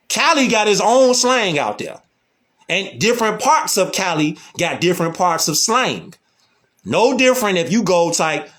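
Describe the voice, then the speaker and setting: A man's voice: high-pitched, fairly bright tone. A man with a Chicago accent, talking casually and loosely in a slangy monologue and often repeating "you know what I'm saying.". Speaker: social media talker.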